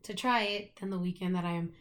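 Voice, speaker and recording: A woman's voice: on the low side, fast, a bit bright. A young woman, co-hosting a podcast, chatting casually and telling a rambling story full of "like" and swearing. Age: young adult. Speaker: podcast co-host. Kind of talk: casual chat.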